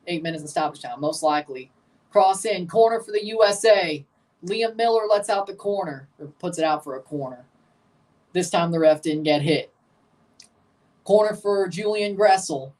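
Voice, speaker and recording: A man's voice: high voice, moderate pace, darkish tone. A young man giving rambling, jokey live commentary while watching a match and chatting to his viewers. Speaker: watchalong streamer.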